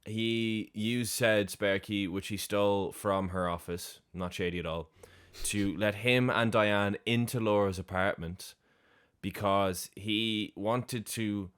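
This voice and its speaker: Low-voiced man with wry asides. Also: steady tone, slow pace, a bit bright, clear, resonant tone. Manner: wry, joking asides with slang. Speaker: film podcast co-host. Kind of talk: casual chat about a film.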